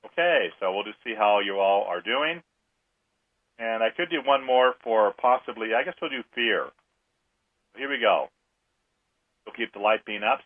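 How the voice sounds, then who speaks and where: A man hosting a radio show, leading guided energy clearings with calm, repetitive chanted counting. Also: fairly low pitch, unhurried, pauses often, dry recording. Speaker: energy healer and show host. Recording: phone-like line, dry.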